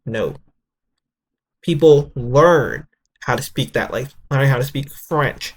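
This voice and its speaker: A man from Canada giving casual reaction commentary in dry, unhurried remarks. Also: mid-range voice, lively intonation, slightly rough. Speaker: reaction host.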